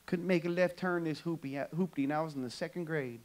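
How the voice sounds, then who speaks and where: A man from California performing an animated stand-up comedy set for a church audience. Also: fairly high pitch, fast talker. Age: adult. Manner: animated storytelling punchlines. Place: church sanctuary, live audience.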